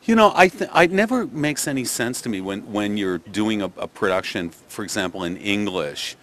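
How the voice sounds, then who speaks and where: A man's voice: lowish voice, lively intonation, normal speed, a bit bright, slight background noise. An older man with a Canadian accent, a theatre director answering interview questions thoughtfully, with many restarts and fillers. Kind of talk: press interview.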